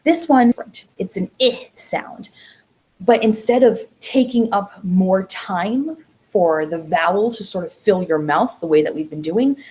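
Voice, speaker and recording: A woman's voice: medium pitch, darkish tone, low-quality recording. Woman teaching an online language class. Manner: patient, explaining step by step; drawn-out sounds when showing vowels.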